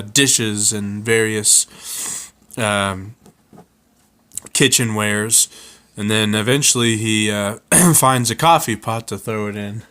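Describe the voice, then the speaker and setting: A man improvising a comic story, halting with fillers and frequent throat-clearing. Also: medium pitch, a bit bright.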